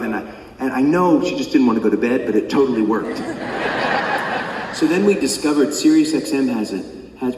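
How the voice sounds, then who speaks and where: A man's voice: mid-range voice, darkish tone, slight background noise. A middle-aged man, a singer-songwriter, telling funny, profane stories between songs at a live concert, often laughing. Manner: laughing, profane, comic storytelling. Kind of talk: stage banter storytelling. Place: concert theater stage. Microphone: stage vocal mic. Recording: echoey hall from far off. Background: audience ambience.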